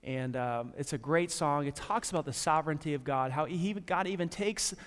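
A man's voice: fairly high pitch, moderate pace, fairly bright tone. A man acting as pastor who closes a sermon, speaking in an earnest, encouraging way. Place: church sanctuary. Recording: long hall reverb.

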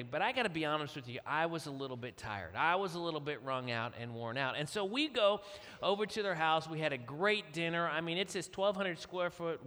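A middle-aged man preaching with a bright, forceful voice, slightly higher than most men. He tells his story like a lively storyteller, and his words ring out with a long hall reverb. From Kentucky. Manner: animated storyteller acting out quotes. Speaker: guest speaker. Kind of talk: storytelling sermon.

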